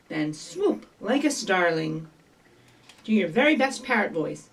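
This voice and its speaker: Story time lady reading to little kids, bouncy sing-song voice, slow and a bit far from the mic. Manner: animated sing-song, with high bird calls and prompts to join in. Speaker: children's librarian leading story time. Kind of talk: reading aloud and leading rhymes for young children. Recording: voice from some distance from the mic.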